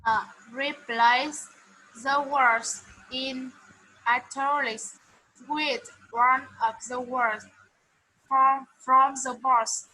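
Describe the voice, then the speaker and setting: A woman learning English in a one-on-one lesson, answering hesitantly with many pauses and fillers. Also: high voice, fairly even intonation, bright, forceful tone, low-quality recording. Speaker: English student.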